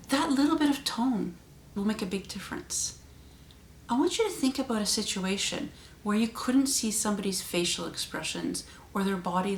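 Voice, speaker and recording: Expressive woman vlogger in a roomy space. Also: slight background noise. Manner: expressive, varies pitch and loudness for emphasis. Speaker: channel host. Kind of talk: talking to camera in a vlog. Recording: roomy echo.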